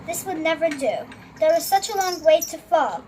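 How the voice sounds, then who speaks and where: A high-pitched young reader works carefully through a storybook aloud at home. She halts now and then to correct herself. A faint hiss sits under the recording. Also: lively intonation, darkish tone, rough recording. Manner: careful, halting, self-correcting.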